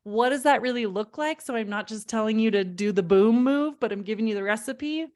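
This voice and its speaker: A woman's voice: on the high side, fairly quick, darkish tone. Emphatic woman parenting coach. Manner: emphatic, repeats key phrases, addresses audience directly. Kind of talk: live online parenting workshop.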